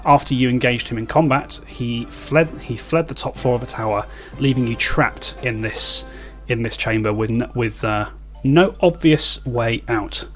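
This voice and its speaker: A man's voice: medium pitch, a bit bright. A British man running a tabletop game, recapping the story with many ums and uhs and a wry tone. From Britain. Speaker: game master.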